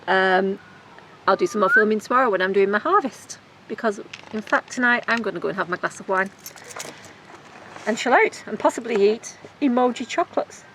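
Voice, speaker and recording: A woman's voice: medium pitch, brisk, fairly bright tone, a little hiss or hum. A woman hosting her gardening vlog outdoors in the garden, chatting casually and enthusiastically and giggling often. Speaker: gardening vlogger. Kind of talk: casual chat.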